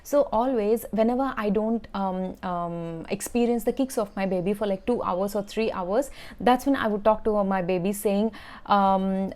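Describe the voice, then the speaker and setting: A woman's voice: mid-range voice, moderate pace, a little mellow. A woman telling a personal story to camera, earnest and emphatic, often repeating her key words. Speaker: vlogger.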